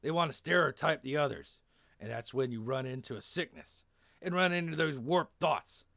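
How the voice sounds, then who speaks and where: A man's voice: on the high side, normal speed, creaky, a bit bright, no echo, clean studio sound, pitched above the performer's own voice. A man voicing a stoic, scarred army lieutenant in a put-on Texan accent, speaking earnestly.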